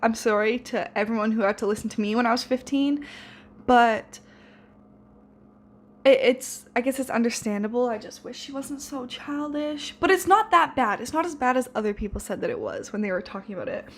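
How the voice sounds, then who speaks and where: A woman's voice: on the high side, brisk. A seventeen-year-old girl chatting casually in a reading vlog, rambling with lots of fillers and restarts. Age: teens. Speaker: book vlogger.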